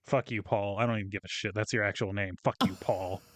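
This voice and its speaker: A man's voice: on the low side, fairly even intonation, fast talker, fairly bright tone, no echo. Guy ranting about coworkers, swears a lot, dry close mic. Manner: profane, ranting storyteller acting out coworkers. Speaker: podcast co-host. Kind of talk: casual venting chat.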